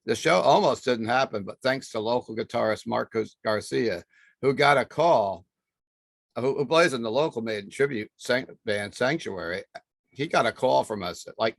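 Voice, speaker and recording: A man's voice: fairly low pitch, moderate pace, gravelly, no room sound. A man hosting a casual panel chat, rambling and chatty with fillers and restarts. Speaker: podcast host.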